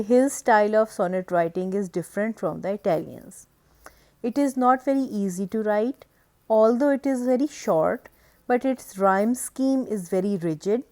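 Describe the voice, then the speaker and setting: A woman giving a recorded lecture, explaining step by step in a measured way with occasional hesitant fillers. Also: mid-range voice, mellow.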